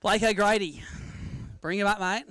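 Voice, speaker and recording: An Australian man running a live weigh-in, cracking jokes and ribbing each competitor as he goes. His voice sits high and rings smooth and clear. The sound is close and dry, with no room around it. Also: fairly even intonation, normal speed, bright, forceful tone, dry recording. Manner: joking, teasing, chatty. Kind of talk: live event commentary with banter. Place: outdoor weigh-in at a sailing club.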